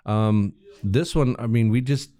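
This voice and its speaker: A man's voice: lowish voice, a little slow, warm tone. A man co-hosting a podcast, chatting casually, swearing freely and retelling scenes he watched. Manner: rambling, swears a lot, retells scenes with acted voices. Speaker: podcast co-host. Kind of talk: casual chat.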